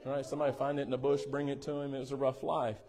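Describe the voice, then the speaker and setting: Speaking very fast in a mid-range, slightly mellow voice with a level tone, a male pastor delivers his sermon in a church sanctuary. He slips in teasing asides and asks the congregation to answer back.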